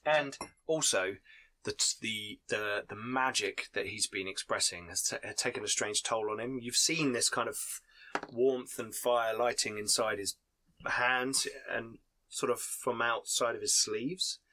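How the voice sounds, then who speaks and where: A man's voice: mid-range voice, unhurried, bright, forceful tone. A man narrating a tabletop game as game master, rambling with many fillers and restarts.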